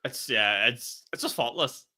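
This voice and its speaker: A young man, co-hosting a podcast and telling stories in animated, laughing casual chat. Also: medium pitch. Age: young adult. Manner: fast, animated storytelling with laughter. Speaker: podcast co-host and stand-up comedian.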